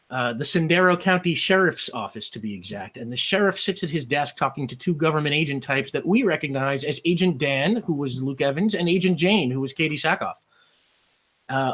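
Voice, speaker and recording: A man serves as game master of a streamed tabletop game, narrating scenes in a rambling way full of fillers. His voice sits at an ordinary middle pitch. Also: a bit bright.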